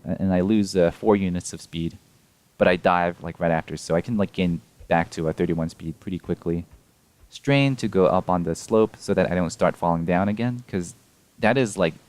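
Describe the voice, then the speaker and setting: A man's voice: sits low, no room sound. A young man casually explaining his game run frame by frame, rambling and correcting himself with small laughs. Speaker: speedrun player explaining a tool-assisted run.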